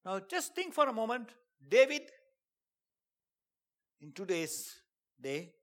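A man preaching a sermon and telling a dramatic testimony, dropping to a hush and then rising to shouts. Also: sits high, sing-song, takes it slowly. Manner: dramatic storytelling, swings from hushed to shouting; preaching with emphatic call-outs.

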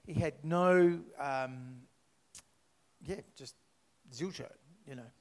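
A man's voice: a little high, slow, a little mellow. A man leading a church prayer and telling a faith story, chatty and rambling with fillers and restarts. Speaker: church speaker.

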